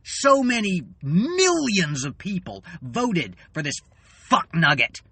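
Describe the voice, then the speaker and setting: A man in an angry, swearing political rant, tired and fuming, halting and then bursting out loud. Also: high voice, wildly swooping pitch, breathy edge, no echo. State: weary and fuming. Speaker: channel host.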